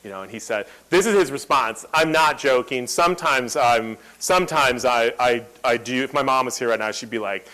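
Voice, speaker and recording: A man's voice: medium pitch, normal speed, hardly any pauses, rough recording. A man in his thirties giving a talk on a lapel mic, telling a story and acting out the quotes. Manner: animated, acts out quotes. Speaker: guest speaker.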